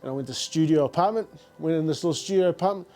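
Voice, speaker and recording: A man's voice: a little high, rapid-fire, mellow. A middle-aged man with a New Zealand accent, a business founder telling stories in a casual, slangy interview, repeating words as he goes.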